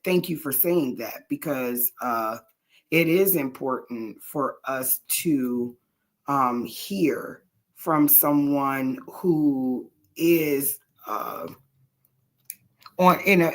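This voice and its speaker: A woman hosting a casual livestream, speaking haltingly with many fillers and a supportive tone. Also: extremely low pitch.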